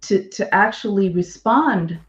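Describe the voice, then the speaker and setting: A woman's voice: mid-range voice, expressive, measured pace, roomy sound, muffled recording. A woman co-hosting a podcast, bluntly explaining legal points in casual discussion.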